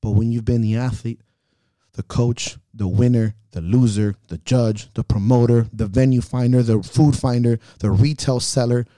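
A man's voice: mid-range voice, steady tone, moderate pace, mellow, dry recording, studio quality. Blunt, profane man ranting. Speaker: podcast co-host, meet promoter. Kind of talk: casual chat.

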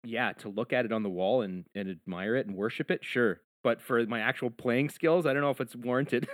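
A man's voice: mid-range voice, fairly quick, no echo. A man guesting on a podcast as a musician, chatting in an easygoing way and often adding "you know". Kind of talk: casual chat.

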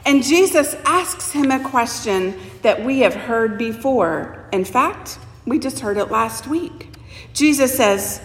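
A woman preacher giving a sermon, telling the story slowly and expressively and voicing the people in it. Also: sits high. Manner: slow, expressive storytelling with voiced quotes. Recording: echoey church hall with long reverb.

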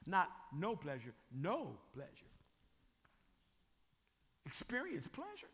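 A man preaching a sermon as a bishop, animated and often asking the congregation whether they are still with him. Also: high voice, takes it slowly, husky, long reverb tail.

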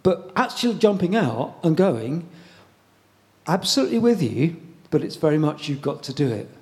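A man preaching a sermon in a conversational way, pausing often and repeating words as he goes. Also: on the high side, big pitch swings.

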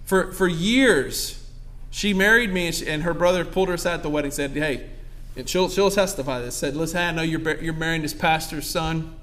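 A man's voice: fairly high pitch, normal speed, a bit bright. A young pastor preaching a sermon to his congregation, calling out asides and asking for amens. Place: church sanctuary.

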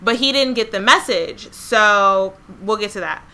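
A young woman co-hosting a podcast, telling a story in a casual, animated way with a lot of swearing. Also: mid-range voice, unhurried. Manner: animated, profane, laughs often. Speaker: podcast co-host.

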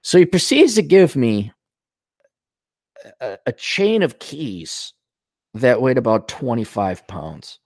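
A man runs his podcast like a bar-stool yarn, swearing freely and jumping between his own voice and quick mimicry of friends. His pitch rises and falls with lively swings, and the sound is close and dry, with no room echo at all. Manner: animated, jokes and acts out voices of others. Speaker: podcast host. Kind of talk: casual storytelling monologue.

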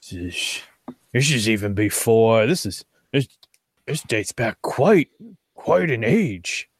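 A man voicing a learned male map keeper, with a failed Scottish accent that drifts into a pirate voice and many halting restarts. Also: on the low side, sing-song, breathy edge, dry recording, studio quality, full character voice. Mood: musing.

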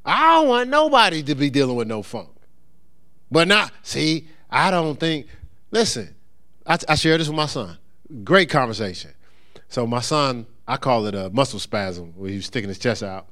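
Lively, animated preacher man. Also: medium pitch, normal speed. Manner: conversational preaching, acts out voices of others. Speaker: pastor. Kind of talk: sermon. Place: church.

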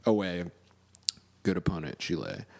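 A man's voice: low voice, very animated, moderate pace, creaky, warm tone. A young man co-hosting a podcast, telling stories in a rambling way and laughing often. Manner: laughing storyteller, rambling with fillers. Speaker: podcast co-host. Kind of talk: casual chat.

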